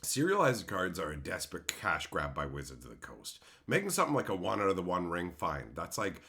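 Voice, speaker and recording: A man hosting a casual livestream, chatting with viewers in a blunt, animated way, swearing freely and breaking into loud outbursts. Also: sits low, a little fast. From Canada. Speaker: streamer host.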